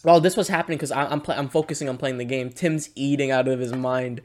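A man's voice: mid-range voice, fairly even intonation, fast talker. A young man co-hosting a podcast, telling stories in casual chat and laughing often. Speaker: podcast co-host.

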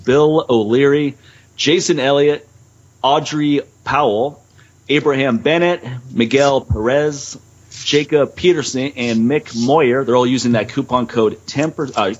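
A man co-hosting a podcast over a remote line, telling casual stories with a laugh. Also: dull audio. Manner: storytelling, laughing, mimics people in a high voice. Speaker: podcast co-host. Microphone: remote call line.

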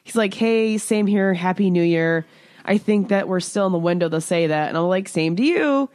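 A woman's voice: lowish voice, moderate pace, smooth, no room sound, clean studio sound. A woman co-hosting a podcast, telling a dating story in casual chat and mimicking the texts she got. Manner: animated storyteller, reads out texts in mimicked voices. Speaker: podcast co-host.

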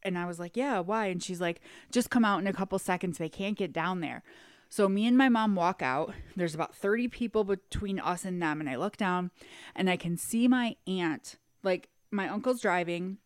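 A woman co-hosting a podcast in casual chat, telling a story with lively energy and acting out quotes in high squeals. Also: normal speed, no echo, clean studio sound. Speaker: podcast co-host.

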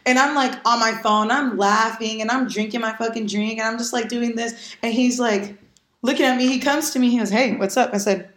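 A woman's voice: a little high, fairly quick. A young adult woman, a podcast guest, telling casual stories with lots of laughing, swearing and acted-out dialogue. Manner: animated, acts out dialogue, swears freely, laughs often. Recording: echoey room.

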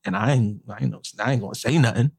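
Fast and medium-pitched, with a creaky, breathy edge, a chef and podcast co-host animatedly recounts a foul-mouthed story from work and performs the quotes. The studio-quality recording has no room sound.

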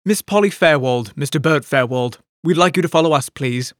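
A man's voice: on the high side, animated, brisk, no echo, clean studio sound, natural voice. A man voicing a stern, formal middle-aged woman official in an audiobook, speaking in a clipped, formal way.

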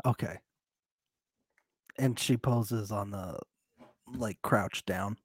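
A man's voice: lowish voice, extremely slow, husky, dry recording, studio quality. A man co-hosting a casual podcast chat over a remote call, chatty and laughing often. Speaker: podcast co-host.

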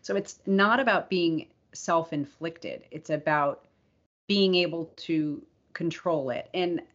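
A woman co-hosting a casual podcast, speaking earnestly and reflectively. Her voice sits fairly low for a woman. The recording sounds dull and lo-fi. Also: takes it slowly. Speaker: podcast co-host. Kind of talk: casual conversation.

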